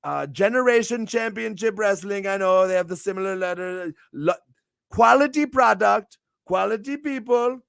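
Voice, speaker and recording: A young man hosting a morning stream with a bombastic, theatrical promo style, swinging his pitch and volume wildly. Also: moderate pace, creaky, a bit bright, clear, resonant tone, no echo, clean studio sound. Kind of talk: hyped-up wrestling promo chat.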